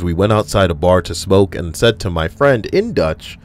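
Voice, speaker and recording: A man's voice: low-pitched, lively intonation, normal speed, few pauses. A man reading stories aloud for a video, with swearing and chatty side comments into a desk microphone. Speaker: online video host. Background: soft background music.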